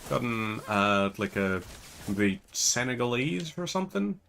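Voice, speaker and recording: A man's voice: on the low side, expressive, normal speed, gravelly, pushed and bright, slight background noise. A man with a Northern Irish accent giving casual, rambling gameplay commentary as a channel host. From Northern Ireland. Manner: chatty, rambling digressions.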